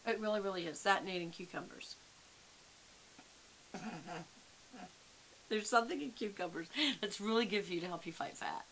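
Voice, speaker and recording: A woman's voice: medium pitch, normal speed, pauses often, fairly bright tone, a little hiss or hum. A woman, chatting casually and rambling to her viewers at home, calling them y'all. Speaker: vlogger. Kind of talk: casual chat to camera.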